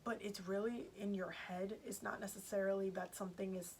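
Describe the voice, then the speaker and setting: Her voice is medium in pitch and level in tone, fairly quick, gravelly, and a little mellow. She's a tarot reader doing a chatty, casual reading for viewers, emphatic and repetitive, full of fillers, with some slight background noise.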